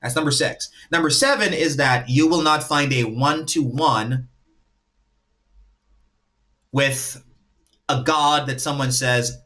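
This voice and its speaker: A man's voice: medium pitch, a bit bright. A man hosting a livestream in a casual way, lecturing and laying out his points one by one. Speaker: livestream host.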